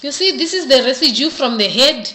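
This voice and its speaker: A woman's voice: high voice, animated, a little fast, sharp tone, roomy sound. A young woman hosting a comic beauty tutorial, playful and mock-serious, often checking in with "you understand?". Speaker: beauty vlogger. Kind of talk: comedic tutorial.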